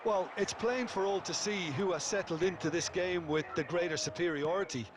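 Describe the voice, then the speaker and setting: A man's voice: sits high, steady tone, natural voice. A man as a thoughtful football pundit. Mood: analytical. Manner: explanatory, measured. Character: adult male football co-commentator, analytical. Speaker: co-commentator. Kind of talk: scripted sports analysis. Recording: game audio with noise behind.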